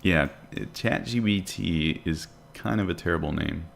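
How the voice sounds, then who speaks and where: A man with a low, gravelly voice talks casually on a live day trading stream. He reads viewer comments aloud and answers them in an easy, chatty way while he watches the market. A faint hiss of background noise sits under the recording. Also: moderate pace. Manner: relaxed, chatty, answers chat questions while watching charts. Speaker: day trading livestream host.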